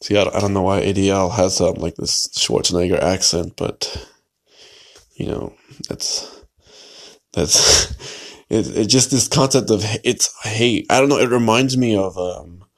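A man's voice: deep voice, unhurried. A man hosting a solo podcast, talking in a rambling, hesitant way with many fillers and restarts. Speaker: podcast host.

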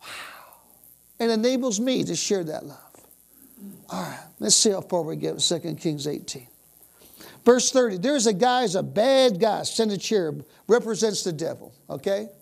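Exuberant, lively-pitched woman preaching. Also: normal speed, creaky. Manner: exuberant, bursts into exclamations of praise; dwells on repeated phrases. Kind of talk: sermon.

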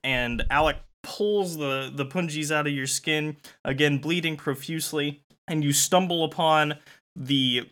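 Casting note: male game show host, bright slightly high voice, playful, giggles through his narration. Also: unhurried. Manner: playful, laughs often. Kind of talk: casual podcast game hosting.

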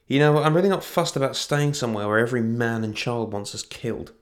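Man voicing a fierce woman ranger, sharp-tongued, threatening, audiobook figure. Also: medium pitch, fast, lightly acted. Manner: snarling, blunt, threatening.

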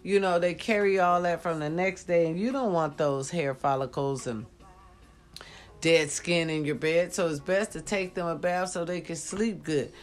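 Low-voiced woman, under the weather, blunt and profane, faint music behind. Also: moderate pace. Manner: blunt, preachy, swears freely, says y'all often. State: sick, lying down. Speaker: vlogger. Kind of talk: casual talk to viewers.

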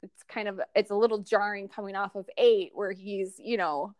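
A woman co-hosting a casual fan podcast, chatty and animated, with lots of fillers and restarts. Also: mid-range voice, moderate pace, smooth, no echo, clean studio sound. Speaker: podcast co-host. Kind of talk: casual fan podcast chat about a TV show.

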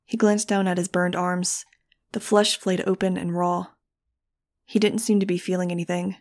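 Woman, audiobook narration, low voice, flat even delivery, measured and grave. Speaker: audiobook reader. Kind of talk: first-person audiobook narration.

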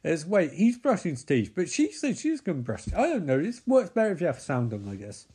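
A man's voice: fairly high pitch, huge pitch swings, fairly quick, warm tone, slightly rough. A man giving sarcastic running commentary on a movie he is watching, swearing and mocking the characters. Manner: sardonic, swears, mocks the characters in put-on voices.

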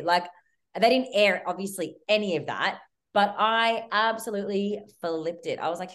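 A woman's voice: medium pitch, moderate pace. A young Australian woman, a podcast guest, chatting casually and telling a story with lots of "like" and frequent swearing. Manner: animated storytelling, heavy use of "like", swears freely. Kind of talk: casual chat.

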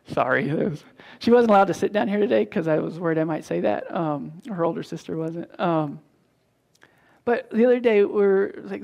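Pastor preaching a sermon, conversational, restarts and repeats often, mid-pitched voice, acts out the dialogue in stories. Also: moderate pace, vocal fry, a little mellow. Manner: frequent restarts and repetitions.

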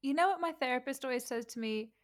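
A woman's voice: high-pitched, fast. A young woman co-hosting a podcast, telling candid stories about her day and laughing through them. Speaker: podcast co-host. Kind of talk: casual chat.

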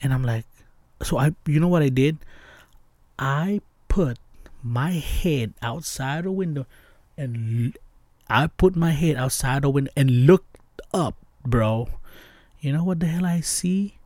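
A young man hosting a podcast, telling a scary story in casual chat, excitable and slangy, dropping to hushed tones at tense parts. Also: fairly high pitch, unhurried, long pauses, no room sound, clean studio sound. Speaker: podcast host.

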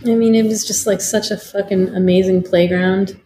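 A woman's voice: mid-range voice, steady tone, normal speed, dark tone, slight background noise. A woman in her forties from Detroit, telling her life story as a guest, frankly, with lots of swearing and fillers. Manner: frank and profane, many fillers. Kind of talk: candid interview storytelling.

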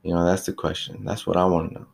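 Young man, low gravelly voice, casual rant, exasperated, lots of "like" and "you know", swears freely. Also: level tone, quick pace, darkish tone. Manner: exasperated, venting about rude customers. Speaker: fast-food shop worker. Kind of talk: casual ranting monologue.

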